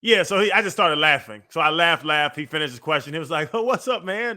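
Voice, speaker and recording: Bright-voiced laid-back radio man. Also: a little high, animated, fast. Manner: laid-back storyteller, drawling slang. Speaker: radio show co-host, former football player. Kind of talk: casual sports radio banter. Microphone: studio microphone.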